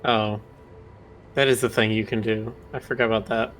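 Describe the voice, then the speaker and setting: A man's voice: fairly low pitch, flat delivery, moderate pace, fairly bright tone, slight background noise. A man hosting a live game stream, chatting casually and joking while giving building tips to his friends. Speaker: streamer host. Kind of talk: casual gaming chat.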